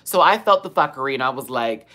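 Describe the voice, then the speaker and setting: A woman's voice: rumbling low, animated, fast talker, sharp tone. A young woman hosting a live Q&A, telling a story in a sassy, profane, dramatic way with bursts of laughter. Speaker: host of a live Q&A show. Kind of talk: casual storytelling on a livestream.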